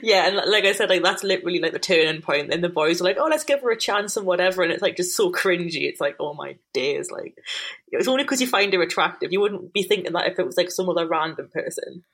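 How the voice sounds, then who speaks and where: A woman's voice: on the low side, fast, fairly bright tone, husky. A young woman co-hosting a podcast, recapping a TV episode in a casual, amused and mocking way, laughing often. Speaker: podcast co-host.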